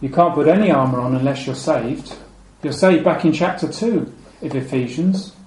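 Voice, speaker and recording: A man preaching a sermon. He is measured and repeats key phrases, and his voice drops low and soft at the ends of phrases. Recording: echoey room with faint ambient noise.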